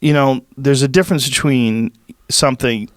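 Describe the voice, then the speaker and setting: A middle-aged man talks in a blunt, animated way and curses freely, like a host chatting with a guest. The studio mic sounds close and dry. His voice sits at a middling pitch. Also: moderate pace, no room sound. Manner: blunt, profane, animated storytelling. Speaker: podcast host. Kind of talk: casual chat.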